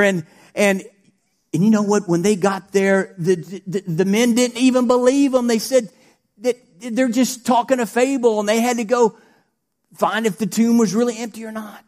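A man preaching a sermon, animated, swinging between shouted praise and quiet asides. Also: sits high, normal speed.

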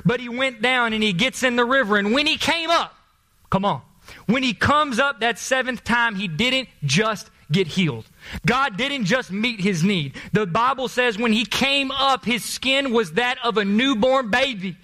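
A man preaching a sermon in a folksy, animated storytelling way, calling out to his congregation. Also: extremely high pitch, a little slow. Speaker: pastor.

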